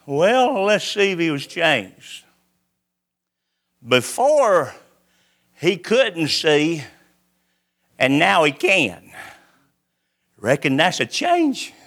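A man preaching a sermon, swinging between loud calls and hushed lines. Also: a little high, sing-song, extremely slow, pauses often.

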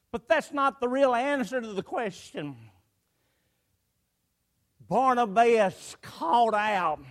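A man preaching a sermon to a congregation, emphatic, with repeated phrases and swelling cries. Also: extremely high pitch. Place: church before a congregation.

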